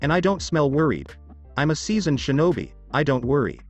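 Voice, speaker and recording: A man's voice: fairly high pitch, sing-song, brisk, muffled recording, faint music behind. A man voicing a proud male ninja father who speaks in clipped, scowling lines. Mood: tense.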